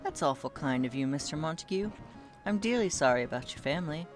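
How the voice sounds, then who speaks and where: A streamer reading the lines of a frightened young mother from a game, in a soft, worried way. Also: medium pitch, expressive, fairly quick, faint music behind, close to an everyday voice. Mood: grateful. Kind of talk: reading game dialogue aloud.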